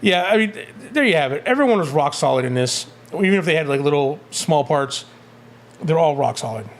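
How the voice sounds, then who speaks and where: A fairly high-voiced man co-hosts a casual movie review show. He talks with eager enthusiasm and keeps slipping into goofy impressions of characters. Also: fairly quick. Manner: excitable, often acts out characters' lines in silly voices. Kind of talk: casual spoiler review chat.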